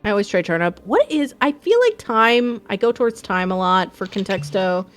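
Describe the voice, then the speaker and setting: A woman streaming a game live, chatting in a bubbly, excitable way with her viewers. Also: medium pitch, normal speed, soft background music. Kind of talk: casual live-stream chat.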